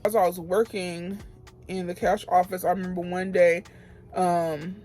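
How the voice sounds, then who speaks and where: A woman's voice: lowish voice, little pitch movement, measured pace, warm tone, soft background music. Heated young woman venting a work story. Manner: heated, emphatic venting with repeated phrases. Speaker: beauty vlogger. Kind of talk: get-ready-with-me storytime.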